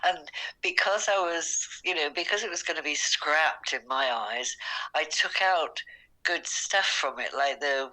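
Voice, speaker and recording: A woman's voice: low voice, pushed and bright. An older British woman on a phone call to her daughter, telling a long story in a chatty, emotional, rambling way. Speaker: podcast host's mother on a phone call. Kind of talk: excited phone chat. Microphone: phone call recording.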